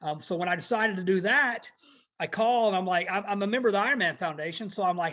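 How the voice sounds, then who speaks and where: A man's voice: sits high, fast talker, sharp tone. A man who is a veteran and podcast host, telling his story in a plainspoken, easygoing way with frequent ums. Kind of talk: casual storytelling chat.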